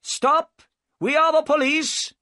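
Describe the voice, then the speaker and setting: A man's voice: high-pitched, big pitch swings, a little slow, no room sound, clean studio sound, pitched above the performer's own voice, heavily acted. A man voicing a humbled, polite male police inspector who speaks apologetically and hesitantly. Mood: shouting.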